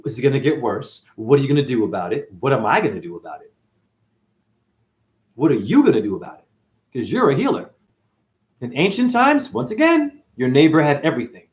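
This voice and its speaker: A man hosting a casual livestream monologue to his chat, preachy and animated, swinging between loud outbursts and quiet muttering. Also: medium pitch, quick pace, echoey room.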